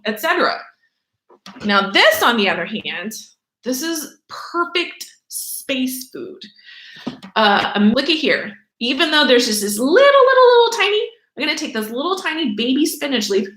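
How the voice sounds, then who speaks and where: A young woman teaching children a remote lesson from home in an animated, chatty, playful way. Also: a little high, reverberant, poor audio. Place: room at home.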